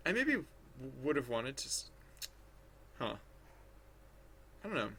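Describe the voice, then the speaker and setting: A man's voice: mid-range voice, very animated, unhurried, pushed and bright, slight background noise. A man thinking aloud as he draws on a livestream, rambling and hesitant, full of restarts, chatting with viewers. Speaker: livestreaming digital artist.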